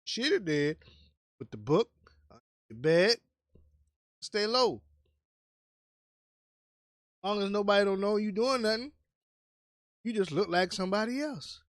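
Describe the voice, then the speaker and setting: A man's voice: high voice, animated, unhurried, long pauses, no room sound, clean studio sound. A man reacting to a video with laid-back, wry commentary.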